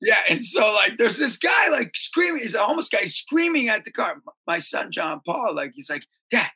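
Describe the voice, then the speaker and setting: Husky and laced with vocal fry, this man speaks at normal speed in a lively interview about his work leading a youth ministry and coaching basketball. His storytelling frequently jumps into shouting and squeaky high voices.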